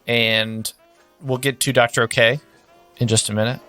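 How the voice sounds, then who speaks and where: A man's voice: medium pitch, a little slow, clear, resonant tone. Casual male game master, conversational narration, faint music bed. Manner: relaxed, conversational, with fillers.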